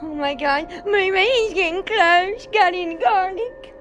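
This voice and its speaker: A woman filming a comic home video in a dark house at night, whimpering and giggling as she pretends to be scared of a ghost. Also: extremely high pitch, a little slow, soft background music. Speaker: comedy vlog host. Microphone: handheld camera.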